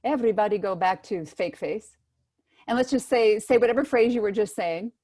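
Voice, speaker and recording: A woman voice teacher giving brisk, encouraging instructions to singers in an online workshop, heard over a video call microphone. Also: mid-range voice, warm tone. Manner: brisk, encouraging coaching with spoken demonstrations.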